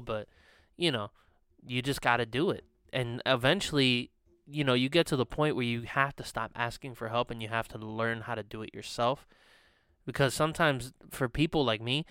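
A man's voice: medium pitch, fairly quick, fairly bright tone, clear, resonant tone, dry recording, clean studio sound. A young man co-hosting a podcast, telling long rambling stories with fillers and laughs. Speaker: podcast co-host. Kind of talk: casual chat. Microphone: studio podcast mic.

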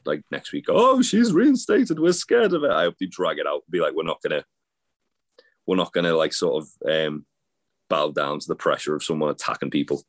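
A man's voice: very deep voice, little pitch movement, brisk, fairly bright tone. A man co-hosting a casual podcast, rambling with lots of fillers and restarts. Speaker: podcast co-host. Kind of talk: casual wrestling chat.

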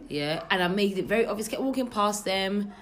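A young woman, telling a story in casual chat, animated and gossipy, full of slang. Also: mid-range voice, brisk.

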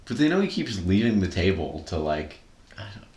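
A man co-host trades dry, unhurried remarks about a film. His voice is very deep but swings widely in pitch. It echoes in a roomy space. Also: big pitch swings, a little mellow. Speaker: podcast co-host. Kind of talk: casual movie chat. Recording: roomy echo.

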